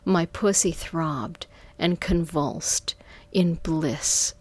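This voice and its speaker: Woman narrator for an erotic story, soft half-whisper, very slow, lowish voice, dry close sound. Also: slightly rough.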